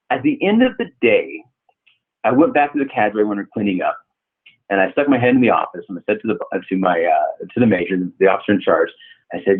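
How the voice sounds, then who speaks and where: Husky man presenting over tinny audio. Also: medium pitch. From California. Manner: earnest storytelling with repeated restarts. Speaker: leadership trainer. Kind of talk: webinar presentation.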